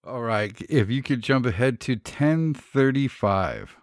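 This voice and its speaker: A man's voice: medium pitch, expressive, a little slow, no room sound, clean studio sound. A man co-hosting a podcast, riffing on jokes with a laugh and then recounting a story behind some photos. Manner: laughs a lot, riffs on jokes, narrates photo stories. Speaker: podcast co-host. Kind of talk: casual comedic chat.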